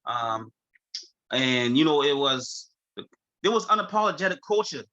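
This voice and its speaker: A man's voice: mid-range voice, a little slow, highs cut off. A man from Charleston with a Gullah Geechee-influenced accent, telling stories in an easygoing interview and laughing often. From Charleston, South Carolina. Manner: animated, laughs often, mimics friends in quotes. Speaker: chef, guest. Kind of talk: casual conversational storytelling.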